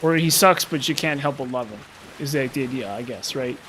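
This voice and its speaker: A man's voice: medium pitch, fairly quick, a bit bright, a little hiss or hum. A man giving casual gameplay commentary, rambling and thinking aloud with self-deprecating asides.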